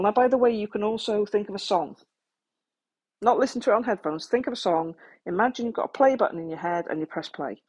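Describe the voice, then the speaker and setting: A woman's voice: mid-range voice, darkish tone, husky. A woman speaking frankly and practically to the listener about coping with trauma, with some self-deprecating asides. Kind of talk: candid talk to the listener.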